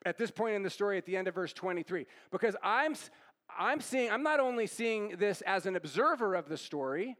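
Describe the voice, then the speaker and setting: A man's voice: high-pitched, a bit bright. A male pastor giving an interactive sermon, asking the audience questions, repeating their answers and tagging lines with "right?". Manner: conversational, often tags lines with "right?".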